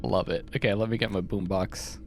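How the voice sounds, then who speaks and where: A man's voice: low voice, fairly even intonation, brisk, music in the background. A man hosting a let's play, casually commenting on the game and thinking aloud, often restarting his sentences.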